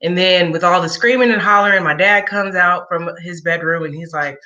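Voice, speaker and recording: Bright-toned woman telling a candid story. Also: on the low side, normal speed, muffled recording. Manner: candid, conversational, wry asides. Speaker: guest sharing a personal story. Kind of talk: personal storytelling in an interview.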